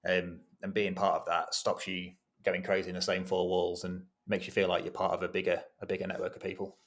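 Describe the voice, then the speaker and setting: Male podcast guest, low and steady, relaxed self-deprecating chat. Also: a little fast. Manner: chatty, self-deprecating, laughs easily. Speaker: guest, freelance copywriter. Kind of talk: casual podcast interview.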